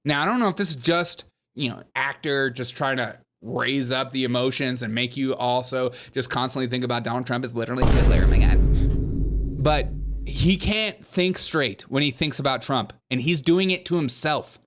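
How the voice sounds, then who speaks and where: A man with a medium-pitched, slightly bright voice speaking at normal speed hosts a comedy news commentary show. He sneers sarcastically at the people he discusses and quotes them in whiny voices.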